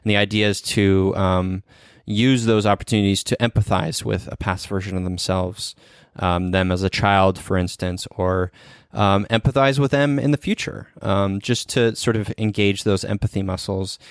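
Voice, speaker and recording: A man hosting a podcast interview, talking in an earnest, gentle way with many pauses and ums. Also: lowish voice, steady tone, smooth, dry recording, clean studio sound. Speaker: podcast host. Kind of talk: casual interview chat.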